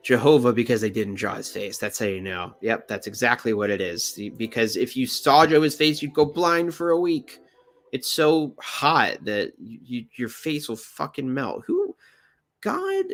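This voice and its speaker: Animated joking man rambling over art. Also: medium pitch. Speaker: channel host. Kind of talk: casual commentary on illustrations.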